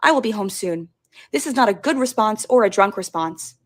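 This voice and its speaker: A woman telling a story at breakneck speed, barely pausing between lines. Her delivery is breathless, with one event spilling straight into the next. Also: medium pitch, lively intonation. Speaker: storyteller in a played clip. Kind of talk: fast storytime monologue.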